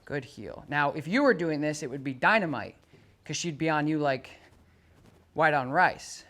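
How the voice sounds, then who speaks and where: A dog trainer giving a live demonstration while walking a dog on a leash. The trainer talks steadily and plainly when explaining to the owner. Then the voice jumps up, loud and bright, to call and praise the dog. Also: mid-range voice, animated, moderate pace.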